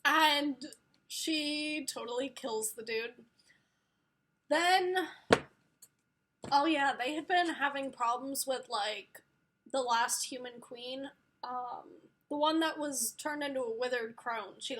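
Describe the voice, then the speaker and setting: A woman's voice: on the high side, fairly bright tone. A woman giving a casual spoiler book review, gushing and rambling with lots of fillers.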